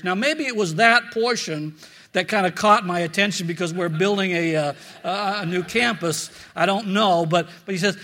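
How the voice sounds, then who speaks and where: Preaching at normal speed, this pastor tells stories with earnest conviction. Repeated words crop up often, and for prayers he sinks into a low, quiet tone.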